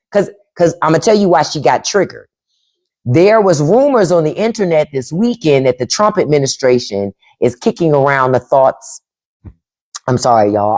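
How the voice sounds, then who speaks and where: A woman's voice: sits low, animated, moderate pace, darkish tone. A woman hosting a casual livestream, talking bluntly and with profanity while answering the chat. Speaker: podcast host on a livestream.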